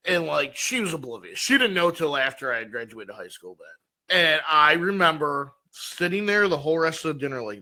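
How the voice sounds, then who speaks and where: A man's voice: on the high side, expressive, moderate pace, sharp tone. A man co-hosting a podcast, telling rambling stories in casual chat with lots of fillers. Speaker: podcast co-host.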